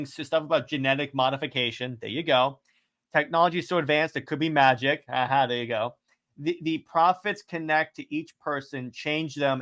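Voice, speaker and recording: Man, podcast co-host, bright tone, slightly high voice, rambling casual chat. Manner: rambling, many restarts, reads out comic dialogue. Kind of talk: casual comic book discussion.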